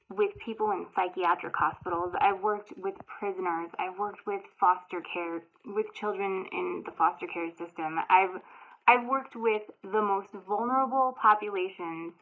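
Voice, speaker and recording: Woman in her thirties, heartfelt first-person storyteller with a halting delivery and a thin, lo-fi sound. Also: medium pitch. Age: 30s. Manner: emotional, halting, many restarts and fillers. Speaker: author telling her story. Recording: tinny phone-like sound.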